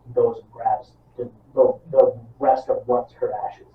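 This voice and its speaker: A man's voice: mid-range voice, a little slow, distant mic, slight background noise. A man co-hosting a podcast in casual chat, swearing a lot and acting out movie scenes as he retells them. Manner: profane, animated, acts out movie scenes. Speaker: podcast co-host. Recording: roomy, off-mic, dull sound.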